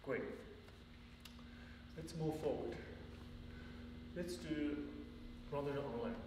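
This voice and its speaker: A man's voice: on the high side, takes it slowly, background noise. A man teaching a ballet class, calling out steps and counts, chatty and encouraging, with short laughs between counts. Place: large ballet studio. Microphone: distant room mic. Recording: echoey studio from far off.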